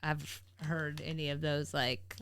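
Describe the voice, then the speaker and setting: Woman co-host chiming in fast, a little low voice, amused. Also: level tone, a bit bright. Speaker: podcast co-host. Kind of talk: casual podcast chat.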